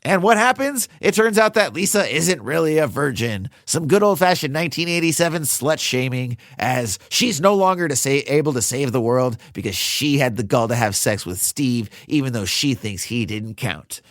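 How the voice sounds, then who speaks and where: A man in his thirties co-hosting a casual film podcast, animated and acting out lines from the movie. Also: mid-range voice, normal speed, few pauses, dry recording, clean studio sound. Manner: animated, acts out movie lines in funny voices. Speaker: podcast co-host.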